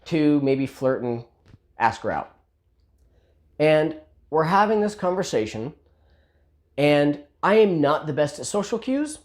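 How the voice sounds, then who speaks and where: A man telling a personal story in a casual, animated, self-deprecating way. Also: a little high, measured pace, pauses often.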